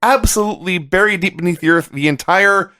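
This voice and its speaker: A middle-aged man co-hosting a wrestling podcast, telling stories in an animated, sarcastic way. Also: high-pitched, a little fast, clean tone. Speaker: podcast co-host. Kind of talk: casual wrestling review chat.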